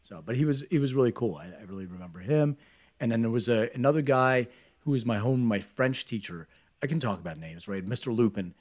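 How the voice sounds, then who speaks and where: A man's voice: mid-range voice, a little fast. A middle-aged man telling candid, rambling stories from his school days in a casual chat, swearing freely.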